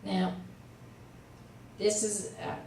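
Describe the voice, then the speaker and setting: Speaking extremely slowly in a level, mid-range voice that's creaky and a little mellow, a woman teaches Hebrew with patient, slightly weary coaxing and many fillers. The distant mic picks up room echo plus a faint hiss or hum.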